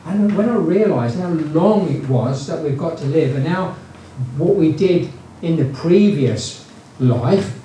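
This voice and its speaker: A retired business founder with a fairly high, dark-toned voice shares casual stories from his career, animated but a little slow, with many fillers and restarts. Heavy echo, a distant microphone and faint background noise mark the recording.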